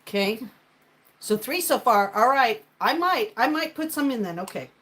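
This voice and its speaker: A woman's voice: a little high, animated, moderate pace, a bit bright, low-quality recording. A woman hosting a casual live-stream cooking chat in her home kitchen, rambling as she talks to viewers and to her ingredients. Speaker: cooking livestream host.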